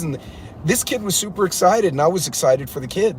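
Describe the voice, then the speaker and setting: A middle-aged man hosting a casual livestream from a car, telling a story in an animated, incredulous way. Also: fairly high pitch, fairly quick, slight background noise. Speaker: livestream host.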